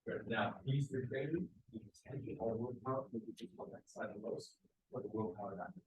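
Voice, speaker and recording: A man coaching a martial arts seminar, giving quick praise and short corrections to students. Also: mid-range voice, a little hiss or hum. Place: martial arts school, indoors. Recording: echoey training hall.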